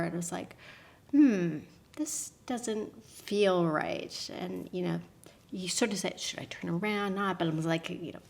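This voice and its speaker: A woman, a podcast guest telling a personal story with lively voice shifts for the people in it. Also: on the low side, gravelly. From Canada. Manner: acts out quotes with lively voice shifts and laughs.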